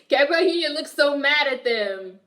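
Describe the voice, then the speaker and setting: A woman's voice: high-pitched, lively intonation, a little slow, fairly bright tone. A woman streamer reacting to a film, chatting casually, laughing often and reading her chat aloud.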